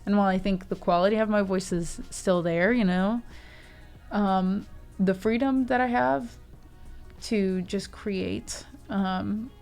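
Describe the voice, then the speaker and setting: A woman's voice: medium pitch, takes it slowly, creaky, darkish tone, faint music behind. Chatty young woman streaming casually. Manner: chatty, emotional, thanks viewers. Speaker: livestream host. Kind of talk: casual livestream chat.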